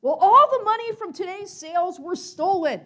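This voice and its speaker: Woman doing a jealous merchant guy, loud and indignant, pitched way up. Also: animated, moderate pace, heavily acted. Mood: crying out. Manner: shouting, indignant. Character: jealous male merchant, ranting and crying out.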